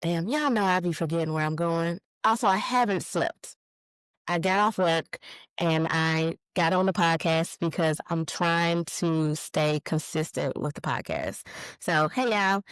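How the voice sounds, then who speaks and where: A woman's voice: lowish voice, clean tone, no echo, poor audio. A woman in her late thirties hosting a podcast alone, chatting casually, losing her train of thought and stopping to greet viewers by name. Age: 30s. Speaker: podcast host. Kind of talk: casual solo live-stream chat.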